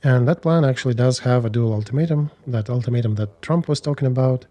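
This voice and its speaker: A man discussing war news in a measured, analytical way, speaking bluntly. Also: medium pitch, warm tone.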